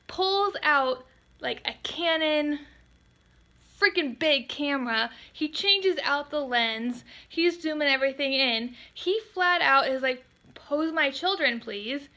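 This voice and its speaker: Woman, photographer, storytime vlog, high-pitched, bright voice, animated and exasperated. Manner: animated and exasperated, quoting people in quick voices.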